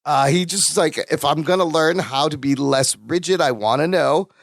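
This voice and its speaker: A man co-hosting a podcast in casual chat, recapping a sitcom episode and acting out characters' lines in quick impressions. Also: a little high, dry recording, clean studio sound. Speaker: podcast co-host.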